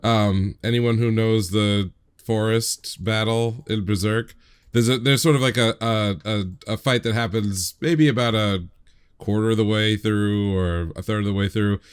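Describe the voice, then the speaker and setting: Smooth-voiced rambling man. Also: fairly low pitch, steady tone, unhurried. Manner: rambling, filler-heavy explaining. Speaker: podcast co-host. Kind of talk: casual chat.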